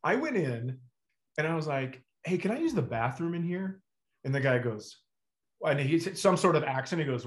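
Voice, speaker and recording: A middle-aged man, a comedian, telling stories in a relaxed chat and acting out the dialogue. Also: fairly high pitch, moderate pace. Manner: animated storyteller acting out dialogue. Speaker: comedian guest. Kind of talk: casual storytelling chat.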